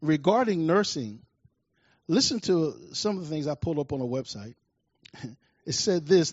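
A man preaching a sermon in an animated way, rising loud and high as he tells stories. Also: moderate pace, pauses often, breathy edge, no echo, lo-fi sound. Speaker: pastor.

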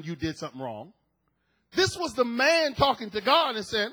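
A man preaching a sermon, swinging between loud, emphatic declarations and hushed asides. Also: very high voice, big pitch swings, normal speed, low-quality recording.

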